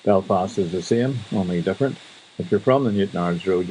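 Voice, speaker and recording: A man's voice: deep voice, a little fast, mellow, a little hiss or hum, rough recording. A Northern Irish man hosting a radio show, chatting wryly in a casual monologue. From Northern Ireland. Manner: chatty, wry storytelling. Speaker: radio host.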